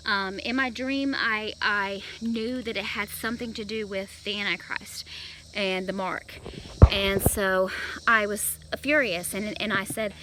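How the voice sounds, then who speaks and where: A woman's voice: medium pitch, fairly even intonation, a little slow, very noisy. A young woman chatting casually while walking outdoors with a stroller, a little out of breath, with many fillers and restarts. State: slightly out of breath. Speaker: vlogger. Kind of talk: casual vlog storytelling. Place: outdoors in a yard. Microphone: phone camera held while walking.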